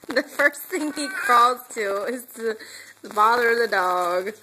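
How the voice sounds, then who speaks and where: A woman's voice: on the high side, expressive, slow pace, background noise. A woman filming her baby at home on a phone, coaxing him to crawl and cheering him on in baby talk. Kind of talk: home video. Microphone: phone camera.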